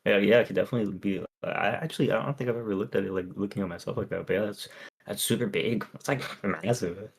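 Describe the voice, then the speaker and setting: Deep, gravelly man in casual chat. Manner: halting, filler-heavy, many restarts. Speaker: podcast co-host. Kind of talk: casual chat, reading lyrics and chat comments.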